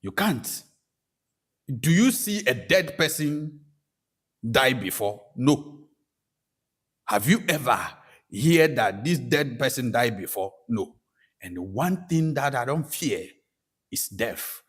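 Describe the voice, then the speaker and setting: A spiritual practitioner with a Ghanaian English accent gives a personal testimony, speaking slowly in a mid-range voice with a breathy edge. He tells his story animatedly and acts out what people said.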